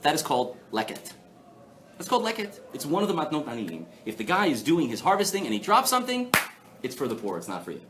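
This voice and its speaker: A man giving a live Torah class, animated and playful, asking the audience rhetorical questions. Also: a little high, quick pace, noisy background. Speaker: rabbi teaching a class. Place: synagogue hall before an audience.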